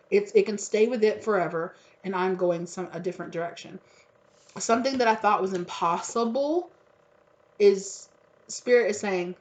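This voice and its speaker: A woman's voice: medium pitch, muffled recording. A woman giving a collective tarot reading, gushing and repetitive, with casual swearing. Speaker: tarot reader.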